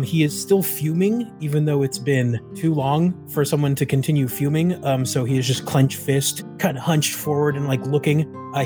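A man playing in a tabletop game, describing his character in a rambling way full of "um" and "like". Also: medium pitch. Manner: rambling, many fillers like "um" and "like". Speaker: player. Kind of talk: casual chat describing a character.

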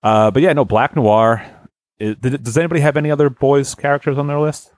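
A man's voice: medium pitch, a little fast, no room sound, studio quality. A man in his thirties hosting a podcast, chatting casually and joking around. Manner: lively, jokey, laughs easily. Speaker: podcast host. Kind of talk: casual chat.

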